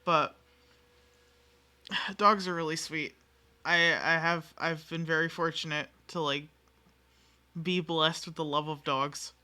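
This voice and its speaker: Chatty streamer talking to viewers: bright edge, frequent giggles, loose and profane, self-deprecating. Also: medium pitch, fairly even intonation, slow, long pauses. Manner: giggly, rambling, swears freely, self-mocking. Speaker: game streamer. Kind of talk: casual live-stream chat with viewers.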